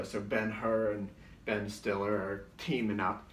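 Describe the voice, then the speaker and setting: A man's voice: fairly low pitch, flat delivery, moderate pace, creaky, slight background noise. Man telling rambling sketch stories, far from the mic in a roomy space. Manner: rambling, full of filler words and restarts. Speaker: comedy show co-host. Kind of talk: rambling comic recollection. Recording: roomy echo, distant mic.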